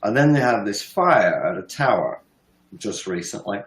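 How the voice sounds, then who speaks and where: A man's voice: on the low side, lively intonation, moderate pace. Emphatic fifty-year-old man, echoey room. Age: 50s. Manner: emphatic, swearing, laughs scornfully. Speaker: guest commentator. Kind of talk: heated political discussion.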